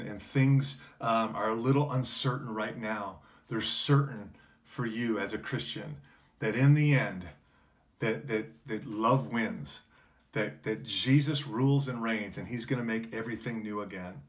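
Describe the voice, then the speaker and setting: Earnest male pastor preaching. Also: on the low side. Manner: earnest preaching with many fillers and restarts, rising to emphatic peaks. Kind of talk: sermon.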